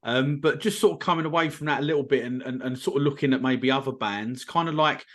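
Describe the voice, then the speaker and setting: A man's voice: medium pitch, fast, fairly bright tone. A man hosting a podcast, talking casually and hesitantly, with lots of ums. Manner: hesitant, many ums and sort ofs. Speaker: podcast host. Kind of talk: casual interview chat.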